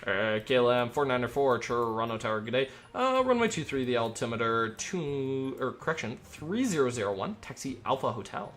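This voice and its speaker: A man streaming himself as an air traffic controller. He talks in an upbeat, rambling way between crisp radio calls. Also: mid-range voice, animated, normal speed, hardly any pauses, a bit bright. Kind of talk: live-stream commentary mixed with radio phraseology.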